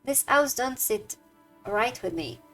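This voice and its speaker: A woman voicing a jittery, gruff working-class male house guard in a game, with rough slangy delivery. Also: fairly high pitch, animated, slow, a bit bright, faint music behind, full character voice. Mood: nervous.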